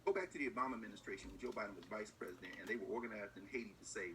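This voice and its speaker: A man giving animated political commentary, acting out officials in mocking voices with emphasis. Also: lowish voice, rapid-fire, hardly any pauses, background noise. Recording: distant mic with faint room ambience.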